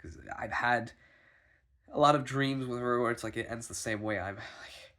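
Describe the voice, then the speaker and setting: A man's voice: medium pitch, moderate pace, fairly bright tone. A sick man rambling anxiously in a personal video diary, stumbling and restarting often, swearing. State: sick, foggy. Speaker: vlogger.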